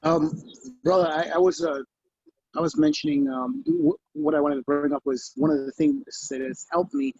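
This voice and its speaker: A man in the audience sharing his own method in an earnest, halting way, heard over muffled video call audio. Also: fairly high pitch, big pitch swings, creaky, darkish tone, breathy edge, dry recording. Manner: earnest, halting, repeats himself. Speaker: audience member. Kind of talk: casual question-time comment.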